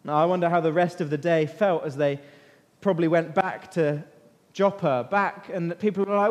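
Male preacher, high voice, lively interactive Bible storytelling, big echoing church hall. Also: normal speed, few pauses. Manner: lively, questions the listeners and waits for answers. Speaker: preacher leading a Bible talk. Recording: long reverb of a large hall.

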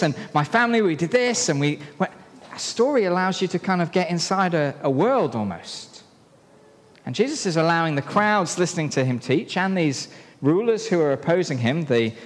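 A man preaches in a church, and his voice climbs high and drops low as he tells a story. His delivery is playful and full of life, and a long reverb rings behind him in the hall. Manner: lively, playful storyteller who directs helpers. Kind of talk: sermon with a live object lesson.

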